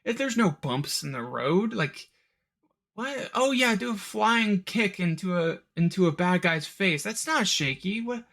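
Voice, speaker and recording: A man's voice: sits high, animated, measured pace, vocal fry, a bit bright. A young man hosting a solo film review podcast, ranting in an exasperated, rambling way with many restarts and fillers.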